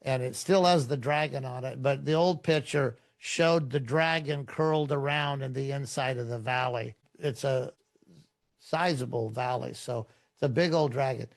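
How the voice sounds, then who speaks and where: A man who is a pastor, a podcast guest telling a story in a relaxed, conversational way. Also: mid-range voice, moderate pace, gravelly.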